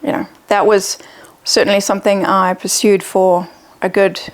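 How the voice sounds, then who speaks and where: A woman's voice: medium pitch, level tone, moderate pace. Zimbabwean woman, podcast guest, candid and reflective, mid-range voice. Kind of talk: casual podcast chat.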